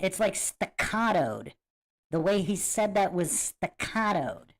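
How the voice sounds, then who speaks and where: A man hosts a livestream in a high-pitched voice with lively intonation, taking his time. Chatting casually with viewers, he reacts to clips in a musing, emphatic way and comes back to the same points.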